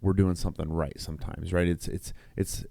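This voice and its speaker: A man's voice: deep voice, level tone, brisk, creaky, dark tone, no room sound, clean studio sound. A middle-aged man, a nurse who co-hosts a podcast, telling a long story in casual chat, rambling with restarts and quoted dialogue. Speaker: podcast co-host.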